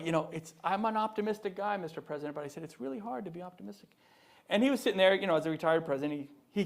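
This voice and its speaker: Animated middle-aged man speaking to students. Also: sits high. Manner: animated, emphatic, many restarts and fillers. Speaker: former governor giving a talk. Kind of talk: public speech to students. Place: university event hall.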